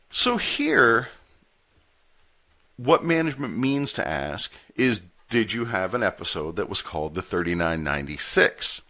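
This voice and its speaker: A man with a lowish but bright, forceful voice tells a story on his podcast. His pitch rises and falls with animation, and his manner is wry and candid as he reads documents aloud. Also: big pitch swings, measured pace. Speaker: podcast host and postal union steward. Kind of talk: storytelling monologue.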